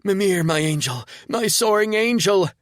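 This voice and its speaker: A man voicing a frantic young woman spy who is high on pills, squeaky and wheezing in an audiobook. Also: normal speed, dry recording, clean studio sound. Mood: rapturous.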